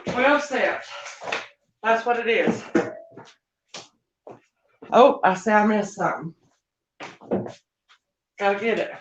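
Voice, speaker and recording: A woman's voice: mid-range voice, takes it slowly, long pauses, noisy background. A woman chatting folksily with viewers while she cleans at home, a little out of breath. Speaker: vlogger. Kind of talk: casual live-stream chat while cleaning. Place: home, indoors. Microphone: phone set down while she moves around. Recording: roomy, dull phone audio.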